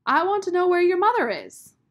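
A woman's voice: medium pitch, sing-song, normal speed, vocal fry, lo-fi sound. Woman voicing a bossy, fiery young girl. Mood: furious. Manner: indignant, demanding, shouts when angry.

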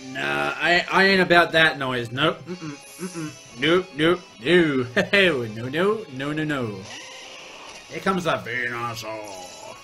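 A young man commentates his own gameplay, bursting into profane outbursts at the game. His voice sits high and bright, swooping wildly in pitch. Faint game music plays behind him. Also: slow. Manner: excitable, profane, yelling at the game. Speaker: let's play host.

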